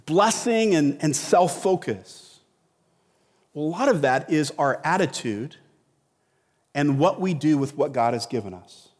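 A man's voice: on the high side, animated, measured pace, long pauses, in a large hall. A middle-aged man preaching a sermon in a conversational way, repeating words and asking rhetorical questions. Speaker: pastor.

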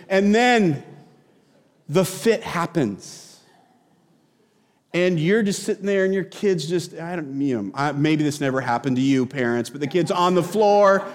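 A middle-aged man preaching a sermon as pastor, telling stories in a conversational, animated way. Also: high voice, moderate pace, in a large hall.

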